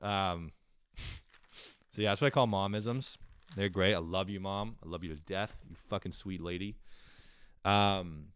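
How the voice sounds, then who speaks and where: A man doing a casual, profane comic monologue at home, intense and quick to act out little voices. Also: sits low, fairly bright tone, clear, resonant tone. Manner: intense, swearing, acts out voices. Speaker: comedian doing a solo rant. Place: home room, early morning.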